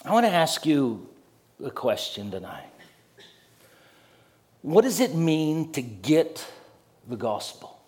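A man preaching a sermon, earnest, repeating words as he builds each point and dropping low and quiet at the ends of phrases. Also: big pitch swings, slow, long pauses.

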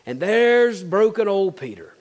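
High-voiced preacher telling a story. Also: male voice, big pitch swings, unhurried. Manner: storytelling, dramatic shifts from loud to hushed. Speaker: pastor. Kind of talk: sermon.

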